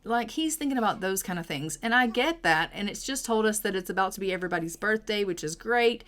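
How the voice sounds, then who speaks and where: Young woman, chatty gameplay narrator, storytelling, casual, mid-pitched voice. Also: lively intonation, quick pace, a bit bright. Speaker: gaming creator.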